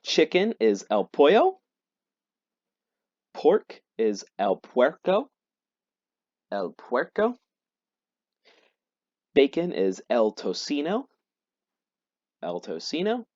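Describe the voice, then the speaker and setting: A man teaching a vocabulary lesson, explaining and repeating each word slowly. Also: medium pitch, wildly swooping pitch, darkish tone, dry recording. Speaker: Spanish teacher. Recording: dull lo-fi dry recording.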